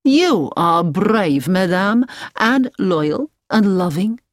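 A woman voicing a calm, businesslike elderly man who speaks slowly and soothingly while holding someone captive. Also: mid-range voice, no room sound, clean studio sound. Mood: calmly menacing. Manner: slow, measured, soothing.

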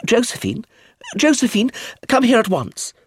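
A woman's voice: extremely low pitch, very animated, measured pace, breathy edge, voice pushed up, full character voice. A man reading aloud, voicing a stern elderly aunt who speaks grimly and firmly. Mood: calling. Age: older. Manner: grim, firm and clipped.

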